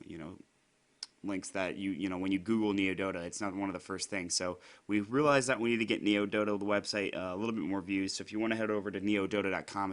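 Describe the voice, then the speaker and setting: Commentating esports alone, a young man whose voice sits low and is a bit hoarse from illness rambles through the play-by-play, often using fillers and self-corrections.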